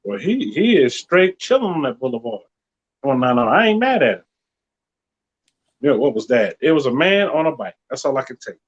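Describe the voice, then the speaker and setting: A man's voice: medium pitch, very animated, brisk, muffled recording, slight background noise. A man hosting a live podcast, bantering playfully with slang in a loose group chat. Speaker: podcast host.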